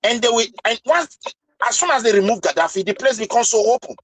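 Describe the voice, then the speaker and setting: A man's voice: very high-pitched, animated, quick pace, a bit bright, rough recording. A man in a casual discussion, arguing passionately and firing off rhetorical questions.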